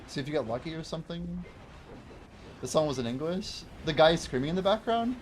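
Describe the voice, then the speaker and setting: Brisk and animated, this streamer's voice sits on the high side as he livestreams a game wearing headphones, with slight background noise. He talks casually, replies to chat, and laughs a lot.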